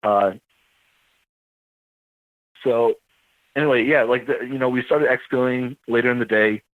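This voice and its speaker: A man, an army veteran, telling his story in a casual interview, rambling and halting as he corrects himself. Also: mid-range voice, steady tone, no room sound, phone-quality sound.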